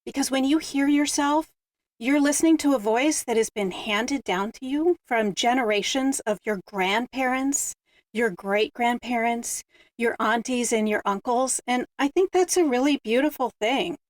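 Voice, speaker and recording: Higher-voiced woman host, dry sound. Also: moderate pace, no room sound. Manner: reflective, storytelling. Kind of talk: hosted panel discussion.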